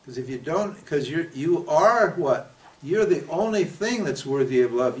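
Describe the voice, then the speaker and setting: A man's voice: on the high side, animated, a little slow. Man teaching from a distance. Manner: conversational, asks the audience questions, acts out quoted prayers. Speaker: spiritual teacher. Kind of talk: teaching talk. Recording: voice picked up from a distance.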